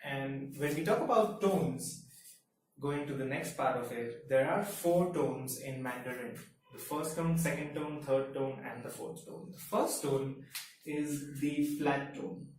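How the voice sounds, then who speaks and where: A Mandarin teacher whose first language is Hindi gives a language lesson, explaining each point step by step. His mid-pitched delivery is slow and deliberate. The mic is far off in a very echoey, reverberant room, with a faint hiss underneath.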